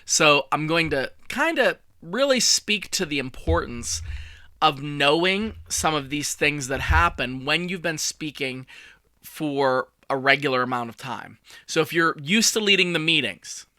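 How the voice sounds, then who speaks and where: Bright, chatty male podcast host. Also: a little high, animated, a little slow, no echo. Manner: chatty, storytelling, self-deprecating asides. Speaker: communication coach and podcast host. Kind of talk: casual solo podcast talk.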